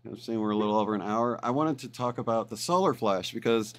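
A man's voice: lowish voice, quick pace. A man who is a guest on a podcast, explaining his ideas in a thoughtful way. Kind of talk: podcast conversation.

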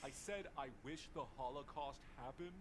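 A woman's voice: deep voice, moderate pace, background noise, close to an everyday voice. A woman voicing a crude, bigoted teenage schoolboy in a game, blunt and swearing. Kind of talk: game voice acting.

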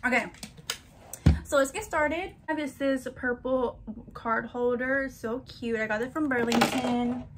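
A chatty young woman talks through her hauls and collections with a slightly high, bubbly voice. She gushes over each item and speaks straight to her viewers. A faint hum of room noise sits behind her. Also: measured pace. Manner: chatty, gushing, addresses viewers as girlies. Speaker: vlogger. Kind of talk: casual haul vlog.

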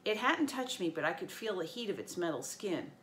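Bright-voiced teacher reading aloud. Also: female voice, fairly low pitch, a little fast, slight background noise. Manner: lively storytelling with small slips. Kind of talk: reading a novel aloud to students.

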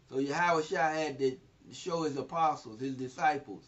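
A man's voice: a little high, moderate pace, few pauses, a bit bright. A man teaching through a scripture passage in an informal way, laughing often and retelling the verses in everyday speech. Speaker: Bible teacher. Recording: distant mic, dull lo-fi sound.

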